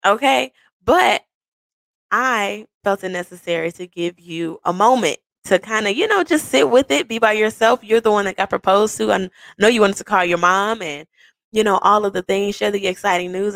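A woman hosting a personal podcast, telling the story of her proposal to her partner in an animated, playful way. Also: mid-range voice, moderate pace, vocal fry, dry recording. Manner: animated, playful, acts out quoted voices. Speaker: podcast host.

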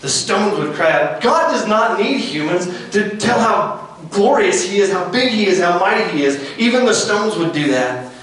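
A man preaching an earnest, folksy sermon outdoors, repeating phrases and dropping to hushed tones. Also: sits high, expressive, normal speed. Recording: echoey and distant outdoors.

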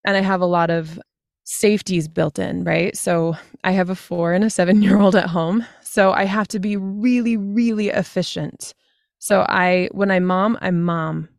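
Gravelly-voiced chatty woman. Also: on the low side, no room sound, studio quality. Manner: chatty, quick asides, frequent "like" fillers. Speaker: podcast guest, fantasy author. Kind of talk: casual podcast conversation.

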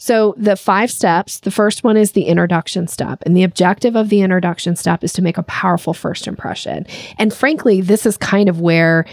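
Woman sales coach on a podcast, chatty and lively, lots of "like" and "frankly", dry close sound. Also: lowish voice, brisk, gravelly, dry recording. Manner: lively, plays out little scenes in other voices; conversational, uses "frankly" and "like" often. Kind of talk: podcast interview, explaining a sales method.

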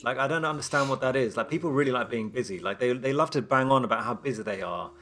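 A man's voice: medium pitch, fast talker, pushed and bright. A man co-hosting a podcast, chatting casually in a joking, rambling way with lots of fillers. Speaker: podcast co-host. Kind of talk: casual chat.

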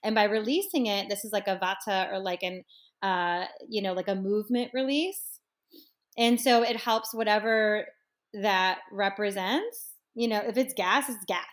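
A woman's voice: mid-range voice, normal speed. A woman in her thirties, a massage and yoga therapist, chatting casually on a podcast and acting out her clients as she tells stories. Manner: animated storyteller, acts out clients' voices.

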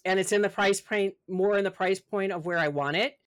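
A woman's voice: mid-range voice, fairly quick. A middle-aged woman, a podcast guest and author, talking casually and animatedly about spirit and personal growth, acting out her inner voice. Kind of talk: casual spiritual interview talk.

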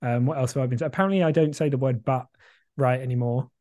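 Reflective man, mellow voice. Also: mid-range voice, fast, no echo, studio quality. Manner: rambling, reflective, many fillers and restarts; swears casually, laughs easily. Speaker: podcast co-host. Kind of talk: casual chat.

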